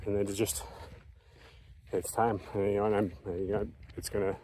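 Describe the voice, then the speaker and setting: A man co-hosting a vlog talks slowly and hesitantly in a casual chat, pausing on fillers. His voice sits a little low. A faint outdoor hum is audible behind him. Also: level tone, warm tone. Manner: measured, hesitant, filler-heavy. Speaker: vlog co-host.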